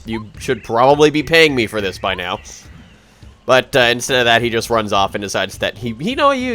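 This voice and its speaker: A man's voice: medium pitch, pushed and bright. A man giving casual, rambling commentary over a video game playthrough, sarcastic and often correcting himself mid-sentence. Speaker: let's play commentator.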